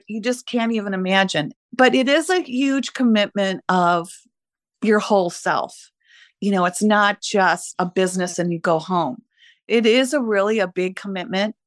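A woman's voice: mid-range voice, no echo. Emotional older woman, dry close sound. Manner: warm, emotional, laughs easily. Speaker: retired teacher, podcast guest. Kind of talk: reflective interview conversation.

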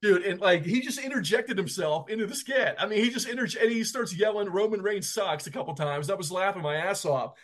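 A man co-hosting a wrestling podcast, telling stories in an animated way and laughing often. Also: high voice, fairly quick, few pauses. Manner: animated, laughing, emphatic storyteller. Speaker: podcast co-host. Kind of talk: casual chat.

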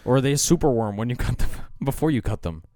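A man's voice: mid-range voice, lively intonation, fast, dark tone, dry recording. A man co-hosting a podcast, telling stories in casual chat, swearing often and laughing as he acts out what people said. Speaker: podcast co-host.

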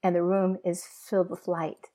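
A woman giving an emotional personal testimony as an interview guest, talking earnestly and halting with restarts. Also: fairly low pitch, flat delivery, dark tone.

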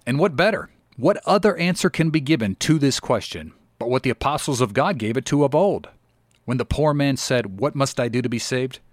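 A man preaching a sermon with solemn, exhorting weight and old-fashioned scriptural phrasing. His voice sits at a middling pitch. The recording is dry and close, with no room sound. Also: animated, normal speed, dry recording.

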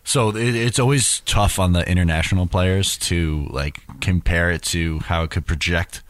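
A man's voice: sits low, normal speed, no room sound. A man co-hosting a casual sports podcast, easygoing and agreeable. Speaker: podcast co-host.

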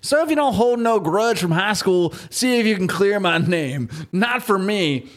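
Man doing a folksy Southern crook, drawling and pitched high. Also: animated, measured pace. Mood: pleading. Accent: American Southern. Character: Southern-talking small-time crook writing a last letter.

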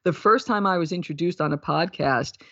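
A woman's voice: lowish voice, moderate pace, a bit bright. A woman in her fifties talks thoughtfully about her path as a wellness coach, with now and then a light laugh at herself. The sound is lo-fi and muffled. There is no room echo at all. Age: 50s. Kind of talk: reflective interview storytelling. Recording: dull, lo-fi, dry sound.

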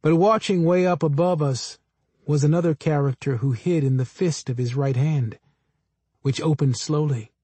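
A man reading first-person literary fiction aloud in a measured, understated way. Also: fairly high pitch, dark tone, husky, no room sound. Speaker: audiobook narrator.

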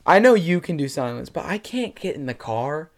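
A young man chatting casually as a podcast co-host, an animated storyteller who fills his talk with slang and "like". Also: fairly high pitch, moderate pace. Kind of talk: casual chat.

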